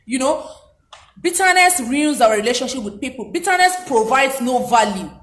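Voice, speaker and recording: A woman's voice: sits high, animated, moderate pace. A woman giving a motivational talk, speaking emphatically and repeating her key points. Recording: roomy echo.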